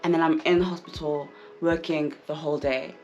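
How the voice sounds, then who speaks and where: A woman's voice: sits low, steady tone, fairly quick, darkish tone, muffled recording, soft background music. A young woman from South Africa with a South African accent, talking frankly to camera in a casual vlog and repeating phrases for emphasis. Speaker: vlogger.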